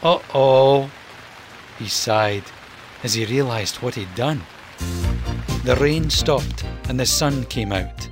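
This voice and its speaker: A storyteller reading a children's storybook aloud in a slow, expressive way. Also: medium pitch, over music.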